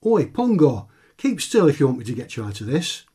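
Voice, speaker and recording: A man voicing an eager, accident-prone male circus magician, chirpy and raised in pitch. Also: big pitch swings, brisk, slightly rough. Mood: impatient. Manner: chirpy, higher and brighter than the narration.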